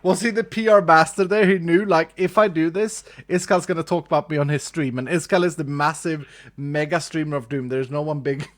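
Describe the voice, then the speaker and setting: A man's voice: on the high side, steady tone, fairly quick. A man with a Swedish accent chatting casually to his live-stream audience, laughing often and repeating his phrases. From Sweden. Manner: chuckly, repeats phrases, talks to chat. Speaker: livestreamer.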